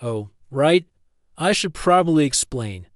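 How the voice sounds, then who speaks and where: A man's voice: a little high, lively intonation, measured pace, no echo, studio quality. A man voicing a cheerful, brainy young woman physicist from the future, who talks in a chatty, polite and apologetic way.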